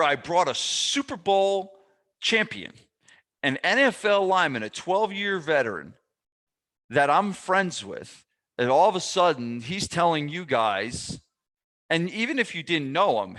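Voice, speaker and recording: A man hosting a podcast, telling stories in a casual, animated way, often restarting his sentences. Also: fairly high pitch, moderate pace. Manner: animated storytelling with frequent restarts. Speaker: podcast host and fitness business mentor.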